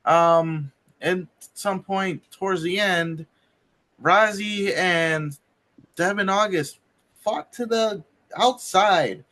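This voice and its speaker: Slow, bright-voiced man recapping results. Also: high voice. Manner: slow, halting, with many ums. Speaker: podcast co-host reading results. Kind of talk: casual recap of wrestling results.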